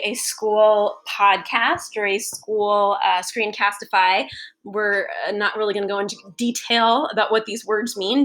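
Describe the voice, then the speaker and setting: A woman teacher recording a lesson for her class, chatty and relaxed, breaking off into asides. Her voice sits at a middle pitch. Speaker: English teacher.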